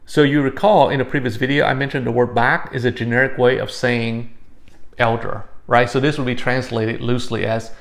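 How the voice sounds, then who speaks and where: A man's voice: mid-range voice, level tone, fairly quick, creaky. A man teaching a casual language lesson, explaining patiently and often checking in with "all right?".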